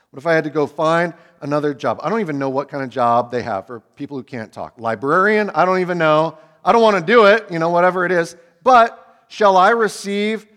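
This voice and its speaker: A man in his thirties preaching a sermon as a pastor, swinging from loud emphatic peaks to hushed low asides.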